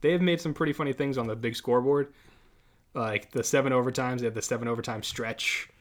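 A man's voice: mid-range voice, fairly even intonation, quick pace. Guy hosting a sports podcast, laid-back chatty, laughs a lot mid-story. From Massachusetts. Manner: chatty, laughs often while telling stories. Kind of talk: casual chat.

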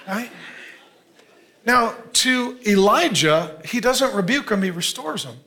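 A man in his fifties, a pastor preaching an earnest, conversational sermon with quick asides. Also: high-pitched, lively intonation, pushed and bright. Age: 50s.

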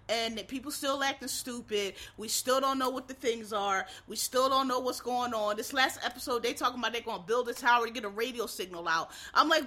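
A woman's voice: high-pitched, pushed and bright. A woman in casual chat about TV shows, rambling and profane, breaking into exasperated rants.

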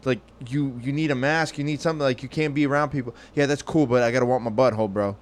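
A man's voice: mid-range voice, steady tone, fast talker. A man hosting a casual, profane chat, rambling and joking, and asking loose hypothetical questions.

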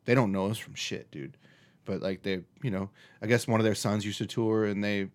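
A man's voice: on the low side, normal speed. A man hosting a casual chat, telling a story with lots of swearing and restarts. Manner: animated storyteller, swears freely, restarts often.

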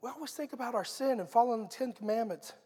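A man's voice: very high-pitched, quick pace, mellow, breathy edge, in a large hall. A middle-aged man preaching a sermon in an earnest, conversational storytelling manner.

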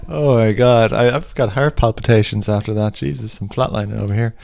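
A man's voice: on the low side, steady tone, fairly quick, gravelly, a little mellow, no echo. A man co-hosting a casual podcast, joking and teasing his co-host.

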